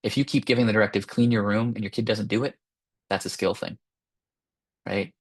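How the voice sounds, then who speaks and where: A man with a somewhat low voice gives an informal lecture to parents. He talks in a relaxed, conversational way and keeps checking in with tag questions and fillers. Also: a little fast, vocal fry, slightly rough. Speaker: clinical psychologist presenting to parents.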